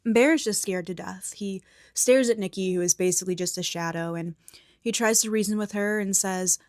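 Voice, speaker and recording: A woman recapping a movie in a soft whisper, blunt and opinionated, with some swearing. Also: mid-range voice, moderate pace, no echo, studio quality. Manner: soft unvoiced whisper mixed with quiet speech.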